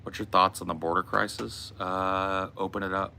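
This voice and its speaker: Deep gravelly American man, laid-back. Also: flat delivery, moderate pace, few pauses, sharp tone, a little hiss or hum. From United States. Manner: blunt, laid-back, swears often. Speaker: podcast host. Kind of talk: casual Q and A with chat.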